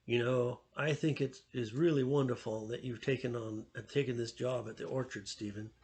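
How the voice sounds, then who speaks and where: A kindly middle-aged father gives advice in a measured, fatherly way, as a man reads his lines. His voice is gravelly and mid-pitched. He belongs to a storybook read aloud. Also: steady tone, darkish tone, natural voice.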